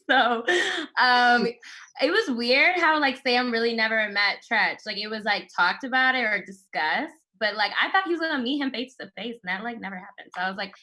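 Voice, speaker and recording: A woman's voice: on the high side, animated, moderate pace, sharp tone, rough recording. A woman panelist in casual chat, chatty with lots of fillers and laughter.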